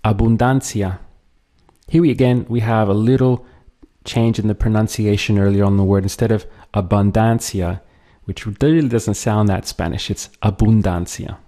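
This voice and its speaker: A man teaching a language lesson, patiently drilling words and pausing for the listener to repeat them. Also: lowish voice, steady tone, dark tone. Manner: slow, patient, drills words and pauses for repetition.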